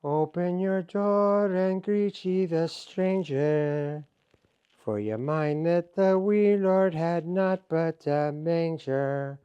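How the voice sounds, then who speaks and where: An Irishman singing as a young girl's soft carol. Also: fairly high pitch, slow pace, clean tone, dull audio, voice pushed down. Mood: tender.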